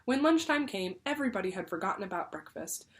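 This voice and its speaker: Woman reading a story to children. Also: medium pitch. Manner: lively, pausing to explain to pupils. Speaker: teacher reading aloud. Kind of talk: read-aloud storytelling for children.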